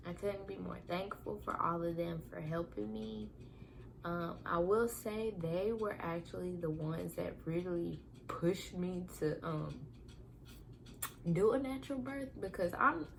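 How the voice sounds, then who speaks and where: A young woman casually telling her own story as a vlogger, candid and animated, acting out quotes with laughter. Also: on the low side, unhurried, gravelly, slight background noise.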